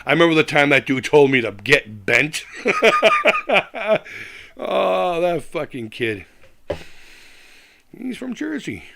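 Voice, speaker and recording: A man's voice: a little high, very animated, measured pace, vocal fry, a bit bright, slight background noise. Profane ranting male livestream host. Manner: profane, ranting, laughs often. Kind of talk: casual live chat, reading comments.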